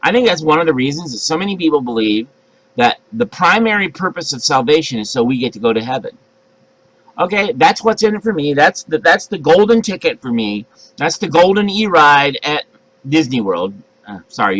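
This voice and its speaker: An older man, a pastor, preaching a sermon in a chatty, animated way and acting out voices. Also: fairly high pitch, a little fast, rough recording. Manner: conversational, animated, acts out voices.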